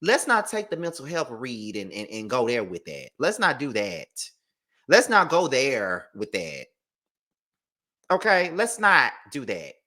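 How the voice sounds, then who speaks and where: Blunt, profane low-voiced woman commentator. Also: big pitch swings, measured pace, bright, forceful tone. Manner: blunt and profane, reads out text messages. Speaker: celebrity gossip commentator. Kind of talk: opinionated commentary.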